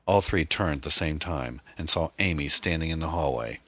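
Very deep-voiced male audiobook narrator. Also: a little fast, hardly any pauses, sharp tone, no room sound.

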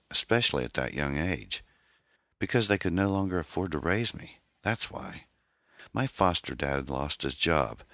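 A man voicing a troubled young woman, an orphan who talks in a hesitant, halting, pained way. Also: very deep voice, pushed and bright, dry recording, clean studio sound, heavily acted.

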